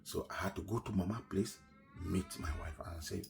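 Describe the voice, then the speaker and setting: A middle-aged man with a Nigerian English accent tells a personal story, swinging from loud quoted lines down to near-whispers. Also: deep voice, normal speed, gravelly, music in the background. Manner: animated retelling, shouts quoted lines then drops to a near-whisper.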